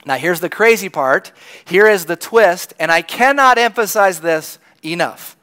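A man's voice: high voice, animated, measured pace, sharp tone. A man preaching a sermon in a conversational storytelling manner, acting out the lines of people in the crowd. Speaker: pastor.

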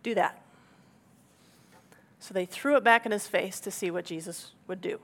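A woman pastor preaching a sermon in a lively, conversational way, asking the congregation rhetorical questions. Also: mid-range voice, fairly quick.

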